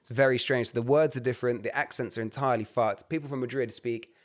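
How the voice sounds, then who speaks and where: A young man, talking casually as a podcast co-host. He tells stories in an animated way, packed with slang and swearing. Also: mid-range voice, fast talker. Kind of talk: casual chat.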